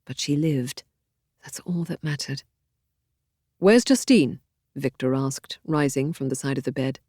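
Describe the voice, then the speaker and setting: Brief: audiobook narrator, woman, low and dark voice, dry close studio sound, measured and expressive. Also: dry recording. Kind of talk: scripted narration of a historical novel.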